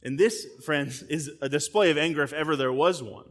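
A guest pastor delivers a sermon in a fairly quick, higher-pitched male voice. He preaches in a conversational style, addressing listeners directly, and keeps repeating words as he restarts.

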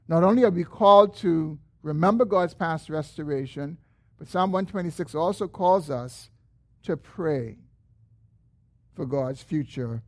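This pastor's sermon is earnest and delivered in a slightly mellow voice. When quoting a prayer he speaks up, and his phrases trail off low and slow.

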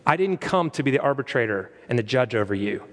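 Energetic male preacher in a reverberant church. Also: medium pitch, quick pace. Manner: energetic, animated preaching with restarts. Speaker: pastor. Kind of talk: sermon. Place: church sanctuary.

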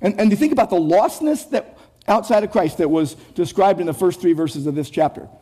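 A man delivers an expository sermon in a notably high voice with a soft, mellow tone. He stresses his points by repeating phrases and often restarts words mid-thought. He asks his listeners questions directly. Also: fairly quick. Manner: emphatic, repetitive phrasing with frequent word restarts; rhetorical, addresses listeners directly. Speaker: pastor.

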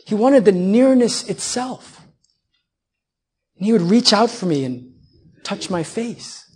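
A pastor in his thirties preaches slowly and expressively in a high voice with a breathy edge. He builds his sermon on repeated phrases and poses rhetorical questions to the congregation.

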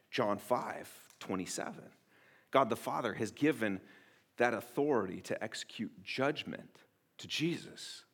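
Earnest male pastor preaching. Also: lowish voice. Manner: earnest, emphatic, swings between soft and loud; restarts phrases often. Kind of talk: sermon.

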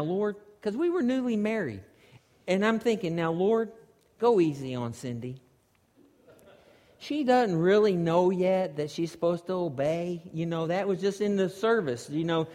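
A man is preaching a sermon, telling his story with lively energy that builds nearly to shouting. His voice sits high for a man and rings out with the long reverb of a large hall. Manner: animated storytelling, rising to near shouts. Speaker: pastor.

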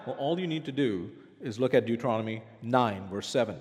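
A man's voice: medium pitch, fast talker, hardly any pauses, long reverb tail. A man preaching a sermon as pastor, asking the congregation rhetorical questions.

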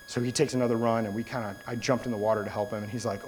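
A man's voice: fairly low pitch, steady tone, very fast, hardly any pauses, darkish tone, a little hiss or hum, rough recording. A young adult man giving a sermon, telling a story in a casual way and then turning it into an earnest exhortation. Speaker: preacher.

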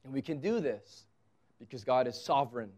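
A man's voice: medium pitch, animated, moderate pace, darkish tone. A man preaching a sermon as pastor, conversational and emphatic, with touches of humor.

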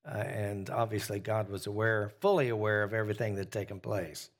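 A man's voice: on the low side, fairly even intonation, fairly quick. Man teaching scripture to a small group. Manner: asks the group questions, frequent "uh" fillers. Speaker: pastor teaching a Bible study. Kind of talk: conversational Bible teaching.

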